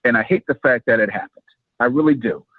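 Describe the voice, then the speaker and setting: A man's voice: mid-range voice, quick pace, dry recording. A man calling into a show, talking hesitantly with many fillers. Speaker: caller. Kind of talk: call-in opinion. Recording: tinny phone line.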